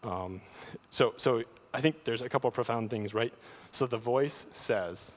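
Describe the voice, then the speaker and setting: A man preaching a sermon, often repeating words as he starts a thought, with animated delivery. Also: medium pitch, a little slow. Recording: long hall reverb.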